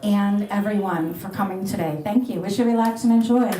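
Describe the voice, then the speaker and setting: At a restaurant luncheon, a middle-aged woman radio host chats with the audience and takes questions, bubbly and laughing. Her medium-pitched voice is dark-toned and a little fast, captured in a roomy live recording of the dining room with a slight hiss or hum.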